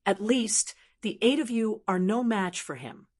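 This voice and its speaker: A calm young male cultivator from a fantasy audiobook speaks softly and gently, as a woman narrator puts him on. His tone stays composed and unhurried, sitting at an ordinary middle pitch. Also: slightly rough. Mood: gentle. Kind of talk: audiobook character voice.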